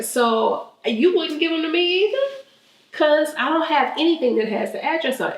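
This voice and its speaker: An animated woman in her thirties from Texas hosts a vlog, telling stories casually and laughing as she goes. Her voice is a little high, and the recording has an echoey room sound.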